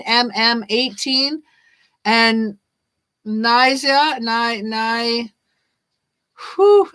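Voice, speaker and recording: A woman's voice: a little high, sharp tone, rough recording. A woman reading tarot cards on a live stream, chatty and repetitive, laughing often as she reads viewers' questions. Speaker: tarot reader.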